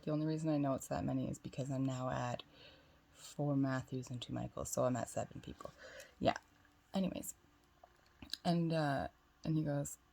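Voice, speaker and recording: A woman's voice: low-pitched, gravelly, mellow. A young woman vlogger telling a long personal story in a chatty way, swearing freely and acting out the dialogue. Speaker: spiritual vlogger. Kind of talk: casual storytelling.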